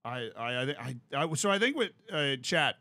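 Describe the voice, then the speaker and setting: A man's voice: on the high side, sing-song, normal speed, sharp tone, no echo, studio quality. An American man hosting a stream, chatting casually in a rambling, playful way that keeps interrupting itself. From United States. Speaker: streamer host. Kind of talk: casual chat.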